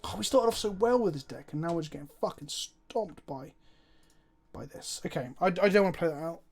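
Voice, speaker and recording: A man's voice: fairly high pitch, animated, a little fast, breathy edge. A man streaming a card game, commentating his plays casually, chatty and thinking aloud, with frequent swearing.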